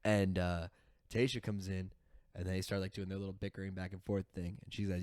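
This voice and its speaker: A man co-hosting a reality TV podcast, talking in an animated, rambling way with many restarts. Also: sits low, a little fast, dry recording, clean studio sound. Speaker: podcast co-host. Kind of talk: casual chat.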